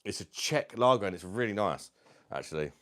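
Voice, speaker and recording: A man's voice: lowish voice, lively intonation, a little fast, fairly bright tone. A man with a London accent, casually chatting on a livestream at home, reading out viewer comments and calling everyone mate. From South East London. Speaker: livestream host.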